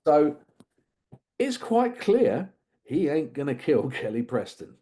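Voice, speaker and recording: A man's voice: on the high side, big pitch swings, slow pace, dark tone. A man chatting casually on a podcast, retelling a film with amused, rambling asides. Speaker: podcast co-host. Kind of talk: casual film review chat.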